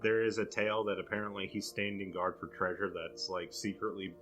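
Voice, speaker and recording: A man's voice: deep voice, fairly even intonation, fairly quick, fairly bright tone, soft background music. A man hosting a podcast, casually walking through researched material with a co-host.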